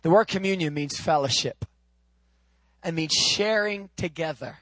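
A man preaching a sermon, swinging from loud, high proclaiming to low, quiet, intimate teaching. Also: a little slow, no room sound.

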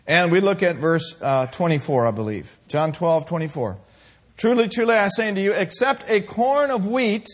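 Husky high-voiced fervent preacher man. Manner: fervent, emphatic, building to shouted climaxes. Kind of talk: sermon.

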